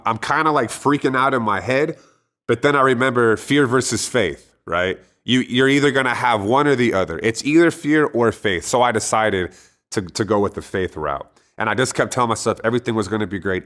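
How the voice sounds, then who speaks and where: A man's voice: mid-range voice, fairly bright tone. A man speaks in a mid-range voice, earnest and conversational, as he tells a personal testimony. He often restarts his sentences and talks the way he would to friends. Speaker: storyteller sharing a personal testimony. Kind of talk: casual spoken testimony.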